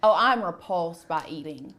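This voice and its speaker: A woman's voice: fairly low pitch, expressive, unhurried, a bit bright. A woman co-hosting a crafting livestream, reading viewer questions and joking about herself. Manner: playful, self-deprecating. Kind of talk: casual chat.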